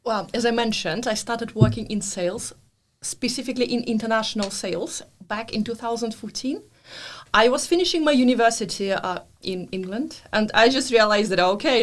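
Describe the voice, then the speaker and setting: A woman in her thirties with a Russian accent, chatting as a podcast guest. Her voice sits in a middle pitch. She talks in a lively storytelling way and laughs easily. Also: a little hiss or hum. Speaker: guest, business consultant. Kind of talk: podcast interview, casual chat.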